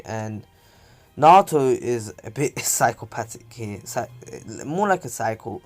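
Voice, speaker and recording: A man's voice: medium pitch, expressive, a little slow, a little mellow, soft background music. A man casually telling a fan-fiction story, rambling with lots of fillers. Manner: rambling, many fillers and restarts.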